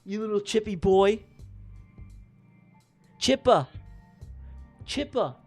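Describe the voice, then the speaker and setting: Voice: medium pitch, lively intonation, slow pace, faint music behind. A livestream host giving playful race commentary during a giveaway, teasing winners with silly nicknames.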